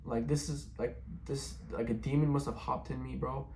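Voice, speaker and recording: A man's voice: mid-range voice, little pitch movement, moderate pace, darkish tone, slight background noise. A young man telling his personal testimony in a casual, rambling way, filling his talk with "like" and "bro". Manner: rambling, many fillers like "like" and "bro". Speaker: testimony speaker.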